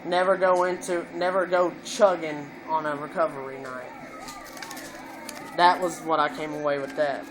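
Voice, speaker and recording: A man vlogger telling a rambling, profane story in casual chat, filling it with "you know" and getting loud at times. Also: fairly high pitch, fairly even intonation, moderate pace, crowd noise, low-quality recording.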